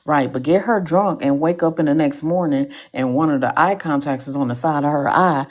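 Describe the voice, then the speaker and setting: A woman hosting a live podcast show, telling stories in an animated, slangy way with comic asides to the audience. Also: low voice, a little fast, few pauses. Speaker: podcast host.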